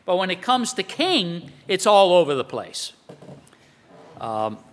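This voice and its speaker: A man's voice: sits high, sing-song, takes it slowly, a bit bright. A man preaching a sermon in a conversational way, quoting scripture and asking rhetorical questions. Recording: long hall reverb.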